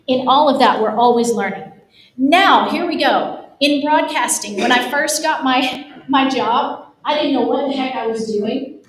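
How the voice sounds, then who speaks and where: A middle-aged Texan woman delivers a lively, emphatic motivational talk at a real estate event, addressing the crowd directly. Her high voice rings through a very echoey event room. The mic picks her up from a distance, with faint noise underneath.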